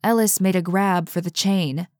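A woman narrating a suspenseful story in a steady, measured way. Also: on the low side, dry recording, studio quality. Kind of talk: audiobook narration.

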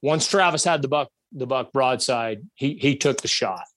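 A man telling a hunting story in a casual, animated way, acting out shots and bits of dialogue. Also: mid-range voice, moderate pace, dry recording.

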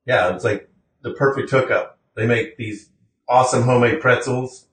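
A man's voice: medium pitch, steady tone, moderate pace, a bit bright, a little hiss or hum. Laid-back Midwestern man, echoey and distant. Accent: Midwestern American. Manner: laid-back, trailing off with fillers. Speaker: podcast co-host. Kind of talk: casual chat. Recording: roomy sound from off-mic.

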